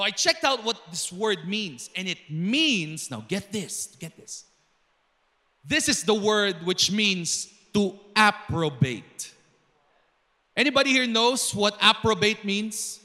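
A man preaching a sermon in a large church hall, animated, breaking into shouted calls to the congregation. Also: high voice. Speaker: pastor. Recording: long reverb of a big church hall.

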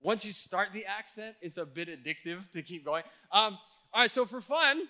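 Playful young youth pastor preaching. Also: male voice, high voice, moderate pace. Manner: playful, energetic, engaging the crowd. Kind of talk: sermon. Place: church.

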